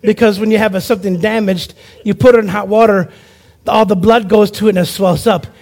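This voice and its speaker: Brief: man with a very high voice, preacher giving a lively testimony, acts out the voices in his story. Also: a little fast, creaky. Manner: animated storyteller who acts out quoted voices. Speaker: preacher and evangelist. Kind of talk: personal testimony sermon.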